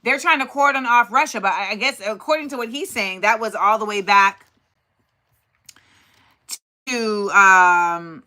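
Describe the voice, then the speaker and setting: A woman's voice: medium pitch, a little slow, pauses often, bright, forceful tone. A woman hosting a casual livestream, thinking aloud and talking directly to her chat. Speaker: host.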